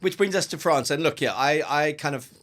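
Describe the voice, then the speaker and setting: A man co-hosting a rugby podcast, bantering in an animated, jokey way and laughing often. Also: a little high, a little fast. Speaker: rugby pundit co-host.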